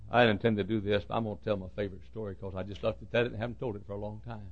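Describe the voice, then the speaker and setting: A man, preaching and telling a story in a folksy, dramatic way that swings from hushed to shouting. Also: on the low side, fairly even intonation, rapid-fire, few pauses. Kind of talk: storytelling sermon.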